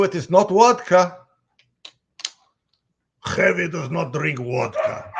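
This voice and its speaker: A man voicing a huge, gruff, proud Russian mercenary with a deep voice, a Russian accent and broken English. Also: heavily acted.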